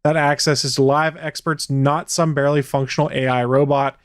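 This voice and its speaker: A man's voice: fairly high pitch, little pitch movement, a little fast, clear, resonant tone, no room sound. A man co-hosting a podcast, talking casually with wry, dry humor. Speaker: podcast co-host. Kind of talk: casual chat.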